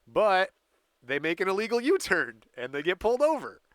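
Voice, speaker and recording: A male podcast host recounting a story in relaxed chat, often breaking into laughter. His voice sits a little high and sounds bright and sharp, recorded close and dry. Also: moderate pace, dry recording. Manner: laughs often, reads dates and places in a storytelling way. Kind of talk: casual chat, telling a crime story.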